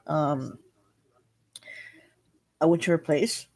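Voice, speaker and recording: A middle-aged woman chatting casually to her viewers, telling a halting, rambling story full of restarts. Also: sits low, fairly even intonation, a little mellow, breathy edge. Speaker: vlogger. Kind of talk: casual chat.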